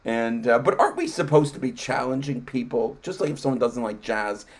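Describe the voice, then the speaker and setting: Lively gravelly man telling stories. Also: medium pitch, fairly quick. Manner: animated storyteller who acts out both sides of conversations. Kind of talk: casual chat.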